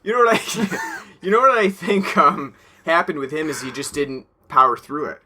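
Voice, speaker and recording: A young man co-hosts a podcast in casual conversation, his voice bright and a touch high. He rambles through fillers and laughs easily. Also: moderate pace, a little hiss or hum. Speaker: podcast co-host. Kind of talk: casual chat.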